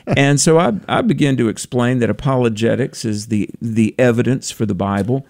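A man's voice: mid-range voice, moderate pace, creaky, a little mellow, no echo, clean studio sound. A man co-hosting a faith radio program, telling a story in a conversational way. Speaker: radio co-host.

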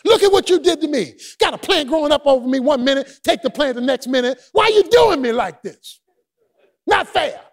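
A preacher acting out a sulking, whiny prophet. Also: male voice, extremely high pitch, lively intonation, normal speed. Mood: self-pitying. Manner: whiny, indignant, in casual street slang. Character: sulking, self-pitying grown male prophet.

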